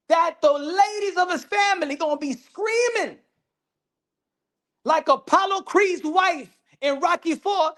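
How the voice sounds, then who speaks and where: A woman's voice: very high-pitched, a little slow, a bit bright. A woman giving a brash, profane and mocking boxing commentary vlog.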